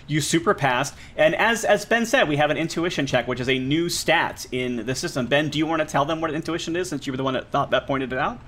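A man acting as game master, narrating a tabletop role-play game and explaining the rules and scenes in a relaxed way. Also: on the high side, fast talker, hardly any pauses. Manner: explanatory, laughs easily. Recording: remote recording.

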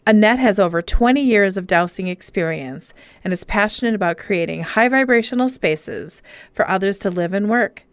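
A woman announcer reading a scripted commercial in a smooth, promotional way. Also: fairly low pitch, no echo.

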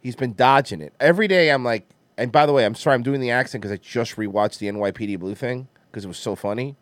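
A man's voice: mid-range voice, fast, no echo. A man co-hosting a podcast in casual chat, rambling, swearing freely and laughing often. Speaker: podcast co-host.

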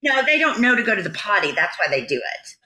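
A woman's voice: mid-range voice, sing-song, quick pace, pushed and bright. A woman from Oklahoma with an Oklahoma accent, a reality show cast member chatting casually and defending herself good-naturedly. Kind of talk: casual chat.

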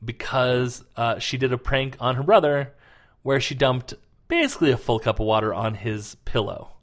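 A man's voice: medium pitch, animated, moderate pace. A man talking as a podcast co-host in casual chat, rambling and full of fillers as he tells stories. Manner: rambling, filler-heavy storytelling.

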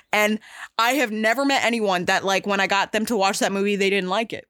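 A woman hosting a podcast in casual chat, talking in an animated, rambling way with many fillers and restarts, emphatic and swearing casually. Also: medium pitch, brisk, no echo, clean studio sound. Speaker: podcast host.

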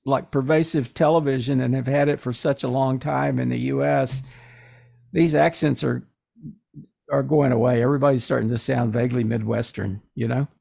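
A man's voice: medium pitch, fairly even intonation, normal speed, vocal fry, darkish tone. A man with a Texas accent co-hosting an interview, asking curious questions. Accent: Texan. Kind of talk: casual interview chat.

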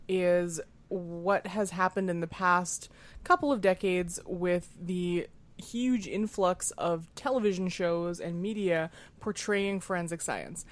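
Chatty woman hosting a podcast. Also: lowish voice. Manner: chatty and self-mocking, with frequent "uh" fillers. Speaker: podcast host. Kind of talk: casual panel chat.

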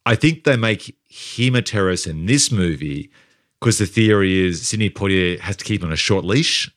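Deep-voiced guy riffing on movie ideas, dry close mic, thinks out loud. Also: dry recording. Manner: thoughtful, builds long hypotheticals. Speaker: film podcast co-host. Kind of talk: casual film discussion.

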